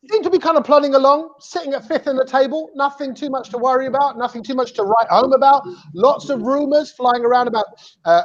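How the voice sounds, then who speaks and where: A host running a live cricket fan show over a video call, playful and teasing, firing quick questions at guests. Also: medium pitch. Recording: dull lo-fi audio.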